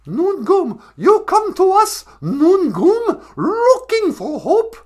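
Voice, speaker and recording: A man putting on a shrill, wailing young activist girl. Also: huge pitch swings, slow pace, darkish tone, full character voice. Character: whiny tearful young female climate activist.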